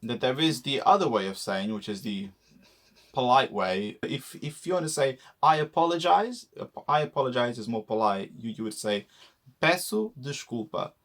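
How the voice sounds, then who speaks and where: A man's voice: fairly low pitch, expressive, moderate pace, a bit bright. A young man from Portugal with a Portuguese accent, co-hosting a casual language lesson, explaining patiently and teasing his partner. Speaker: co-host, teacher. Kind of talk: casual teaching chat.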